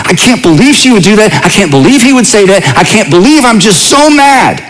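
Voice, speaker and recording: A middle-aged man from the United States preaches in a relaxed, conversational way. He keeps turning to his listeners with questions. His voice sits notably high for a man. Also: rough recording. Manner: conversational, asks the audience questions. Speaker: pastor. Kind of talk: sermon.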